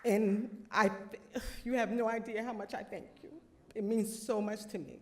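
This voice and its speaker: A woman in her forties from New Jersey, on the verge of tears, giving a heartfelt and halting acceptance speech as an award honoree. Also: mid-range voice, fairly even intonation. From New Jersey, USA. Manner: heartfelt, grateful, halting with fillers. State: tearful, close to crying.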